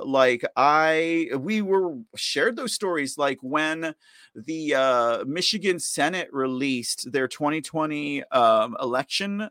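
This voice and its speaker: A man's voice: fairly high pitch, unhurried, a bit bright, no room sound, clean studio sound. A man hosting a live podcast, rambling casually, mocking his targets with frequent laughs and reading viewer comments aloud. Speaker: podcast host.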